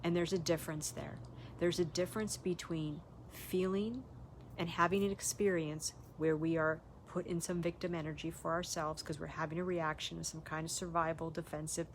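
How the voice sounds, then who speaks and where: A woman's voice: low voice, flat delivery, normal speed, a little hiss or hum. An older woman, a spiritual teacher, telling a personal story and reflecting on it in a candid, earnest way.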